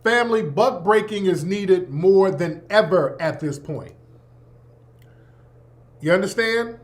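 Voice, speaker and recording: A man's voice: high-pitched, animated, takes it slowly. A man hosting his own show, giving emphatic, profane, preachy commentary in a casual way. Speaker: host.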